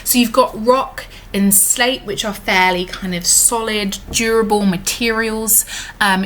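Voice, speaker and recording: A woman's voice: mid-range voice, fairly bright tone, a little hiss or hum. Teacher woman explaining a poem. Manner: explains step by step, many fillers, reads lines slowly. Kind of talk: recorded lesson on a poem.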